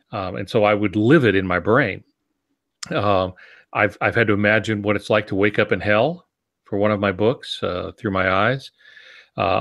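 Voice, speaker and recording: A man who writes novels, talking on a writing podcast in a reflective, storytelling way with thoughtful pauses. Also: on the low side, creaky, a bit bright, dry recording, clean studio sound. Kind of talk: casual podcast chat about writing.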